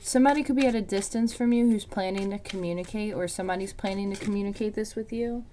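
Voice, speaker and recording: A woman's voice: medium pitch, fast talker, warm tone, a little hiss or hum. A woman giving a casual tarot reading, rambling with lots of "um" and "like". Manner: rambling, many fillers like "um" and "like". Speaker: tarot reader.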